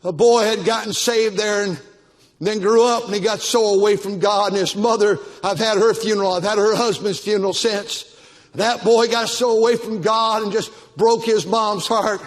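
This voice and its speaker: A man's voice: sits high, steady tone, normal speed. An older man preaching a Baptist sermon as pastor, with emphatic, repetitive exhortation. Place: church auditorium. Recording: long church-hall reverb.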